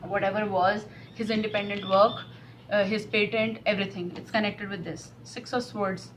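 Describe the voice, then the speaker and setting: A woman's voice: mid-range voice, flat delivery, normal speed, a little hiss or hum, poor audio. Earnest woman giving a tarot reading. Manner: earnest, emotional, repetitive. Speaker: tarot reader.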